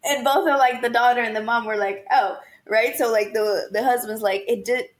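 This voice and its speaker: A young woman co-hosting a podcast in loose, casual conversation. Her voice sits a little high, and she acts out the people in her stories while swearing freely. The talk is relaxed and chatty. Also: a little fast. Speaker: podcast co-host.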